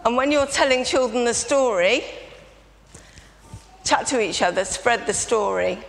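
Woman leading a family-service children's talk in a reverberant church, slight fry, coaxing congregation participation. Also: on the high side, unhurried. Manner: lively, prompting audience participation. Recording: reverberant church, faint background noise.

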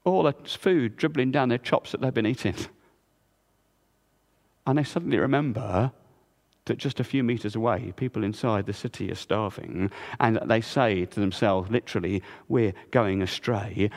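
A man preaching a sermon in a church, swinging between loud emphasis and hushed low tones. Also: normal speed, creaky. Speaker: pastor. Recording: long reverb of a church hall.

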